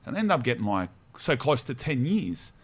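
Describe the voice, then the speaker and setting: A man's voice: mid-range voice, big pitch swings, a little fast, breathy edge. A man with an Australian accent hosting a podcast, telling stories in a casual, slangy way with laughs. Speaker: podcast host. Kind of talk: casual storytelling chat.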